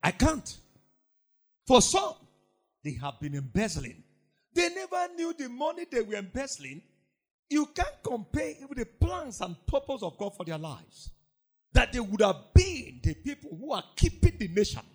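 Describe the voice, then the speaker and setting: Husky, animated man preaching. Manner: animated preaching, swinging between shouts and low asides. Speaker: pastor. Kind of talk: sermon.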